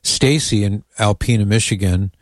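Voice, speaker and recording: A man's voice: lowish voice, normal speed, no room sound, clean studio sound. A man hosting a casual radio talk show, chatting in an amused way and reading listener emails aloud.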